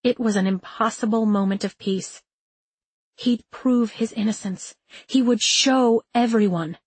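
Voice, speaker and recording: A woman reading a novel aloud in a measured, expressive storytelling manner. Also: a little high, slightly rough, no echo. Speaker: audiobook narrator. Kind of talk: scripted narration.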